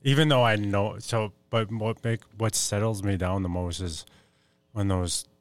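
A man hosts a podcast, asking long, winding questions and sharing his own experience, stopping and restarting as he finds his words. His voice is low and fairly flat in pitch, smooth and clear. The sound is dry and close. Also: dry recording. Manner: halting, rephrases questions as he speaks. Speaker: podcast host. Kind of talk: conversational interview questions.

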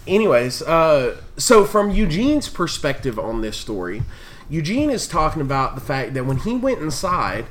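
A man's voice: fairly high pitch, sing-song, moderate pace, a little hiss or hum. A man telling a crude, profane story to friends, often laughing as he talks. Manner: profane, laughing through his own story. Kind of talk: casual storytelling among friends.

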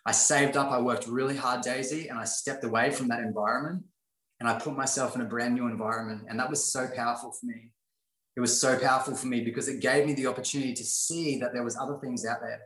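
A man's voice: medium pitch, steady tone, fast talker, fairly bright tone. A man sharing his life story in an earnest, motivational way, often repeating phrases for emphasis. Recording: roomy echo.

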